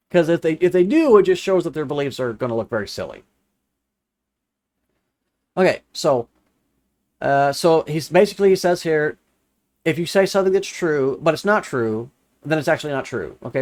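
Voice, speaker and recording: Young guy going off on a comment, kinda high voice, sarcastic and fed up, says stuff twice. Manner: exasperated, sarcastic, repeats phrases for emphasis. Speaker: religious commentator answering comments. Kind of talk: casual commentary reading and rebutting a comment.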